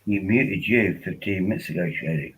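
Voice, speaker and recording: A man's voice: low voice, animated, normal speed, husky, rough recording. A man hosting a casual livestream, rambling and joking while tipsy on wine, often repeating himself. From England. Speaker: livestream host.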